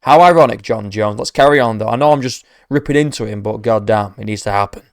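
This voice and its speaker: A man's voice: on the low side, quick pace. A man giving profane, mocking reaction commentary as an MMA commentator, ranting sarcastically.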